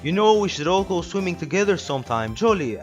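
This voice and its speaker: A man's voice: high-pitched, very animated, dull audio, faint music behind, pitched above the performer's own voice. A man voicing a jolly, overbearing older police chief with a put-on, vaguely Canadian accent. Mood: jovial. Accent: put-on odd Canadian-like accent. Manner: hearty, overfriendly, drawn-out words.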